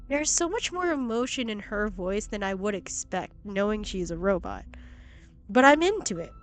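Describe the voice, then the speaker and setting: A young woman streaming a video game who gushes excitably, swears freely, and reads the game text aloud. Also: medium pitch, normal speed, soft background music. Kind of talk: casual gameplay commentary. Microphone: laptop stream mic.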